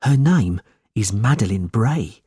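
A man voicing a loyal, worried clerk in a storybook reading, hurried and confiding. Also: lowish voice, lively intonation, warm tone, slightly rough, dry recording, studio quality, exaggerated voice. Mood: urgent.

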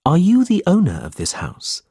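A man voices an earnest young hero, pitching above his natural voice in a heavily acted, urgent and earnest delivery. The tone is high with huge pitch swings, mellow yet slightly rough, at a moderate pace. It's a dry, studio-quality recording.

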